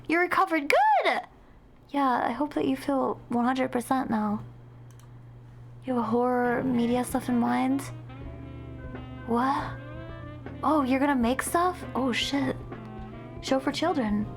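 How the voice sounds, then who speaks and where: A woman streamer chatting casually with her viewers as she reacts to spooky videos, jumpy and excitable, gushing over her chat and swearing when something startles her. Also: high voice, a little slow, pauses often, faint music behind.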